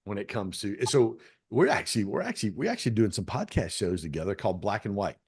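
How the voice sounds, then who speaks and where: Animated podcast host man. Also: lowish voice, fast talker, breathy edge. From Detroit. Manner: animated storyteller, acts out quoted lines. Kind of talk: casual interview chat.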